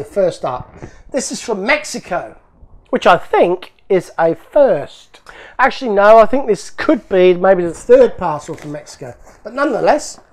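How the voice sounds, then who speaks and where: A man hosting a toy car channel, chatting casually and excitedly as he opens fan mail, laughing often. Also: high voice. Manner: excitable, laughs often, talks to himself while opening parcels. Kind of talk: casual unboxing commentary.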